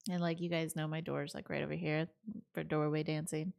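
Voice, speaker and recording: A woman's voice: sits low, little pitch movement, brisk, gravelly, a little mellow. A young adult woman streaming and reacting to videos in rambling, giggly casual chat. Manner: giggly, rambling, goofy, many "like" fillers.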